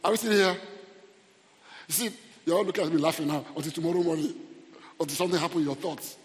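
A middle-aged Nigerian man preaching a humorous, animated sermon, often repeating his words. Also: on the high side, quick pace. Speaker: pastor. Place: church hall. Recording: long church reverb.

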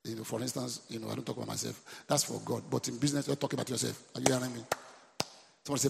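A man's voice: mid-range voice, level tone, very fast, vocal fry, a little mellow, in a large hall, a little hiss or hum. A Nigerian man preaching as a pastor, often checking in with the congregation and repeating his points. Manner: preachy call-and-response, repeating lines to the congregation. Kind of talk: sermon. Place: church.

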